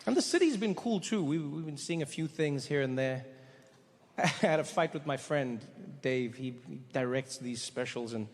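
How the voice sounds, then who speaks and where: A man's voice: medium pitch, animated, normal speed. A man performing a stand-up comedy set, telling stories animatedly with stammered restarts. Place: large comedy stage with audience. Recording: live show in a reverberant hall with faint crowd noise.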